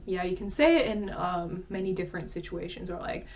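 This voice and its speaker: A woman's voice: medium pitch, normal speed, hardly any pauses, a little mellow. Giggly young woman teaching words. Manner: giggly, chatty, laughs often. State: out of breath. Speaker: language teacher. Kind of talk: casual vocabulary lesson.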